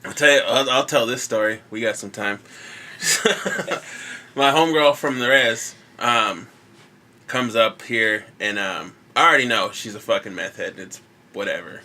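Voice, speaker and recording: Bright-voiced laid-back male podcast host. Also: on the low side, normal speed. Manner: laid-back, swears a lot, laughs often. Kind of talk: casual chat, storytelling.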